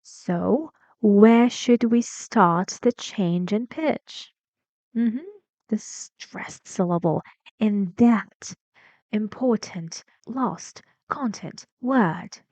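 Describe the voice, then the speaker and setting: A woman teaching English pronunciation, talking slowly and deliberately and drawing out words to model rising and falling pitch. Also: darkish tone, no room sound. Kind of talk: pronunciation lesson. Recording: slightly dull lo-fi dry sound.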